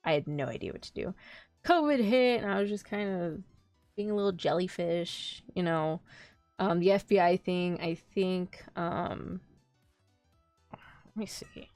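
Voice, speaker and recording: A woman's voice: fairly low pitch, measured pace, pauses often, a little mellow, dry recording, soft background music. Rambling young woman streamer, dry mic. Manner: rambling, laughs often, loses track of thought. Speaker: VTuber streamer. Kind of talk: casual chat stream.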